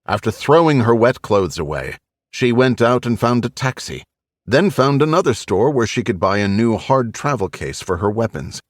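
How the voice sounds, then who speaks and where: Deep-voiced male audiobook narrator. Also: dry recording, clean studio sound. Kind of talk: scripted narration.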